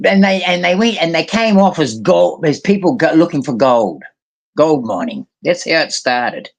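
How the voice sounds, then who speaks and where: A man with a mixed New Zealand and Australian accent, talking heatedly in a casual voice chat, swearing often and trailing off into fillers. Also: a little high. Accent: New Zealand and Australian mix. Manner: heated, rambling, swears a lot, many fillers. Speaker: guest in a live voice chat.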